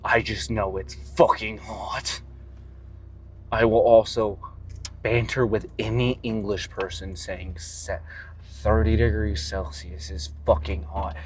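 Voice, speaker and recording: There's a little hiss or hum behind this fairly low, slow-paced male voice. In a casual vlog, the fitness vlogger swears freely and rambles animatedly, ranting and reflecting on his training.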